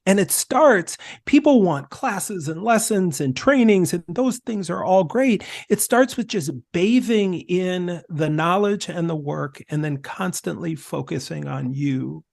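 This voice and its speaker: Guy on a podcast, kinda gravelly, gets really animated making his point. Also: sits high, a little slow, few pauses, no room sound. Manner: emphatic, animated storytelling. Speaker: podcast guest. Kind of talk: conversational discussion.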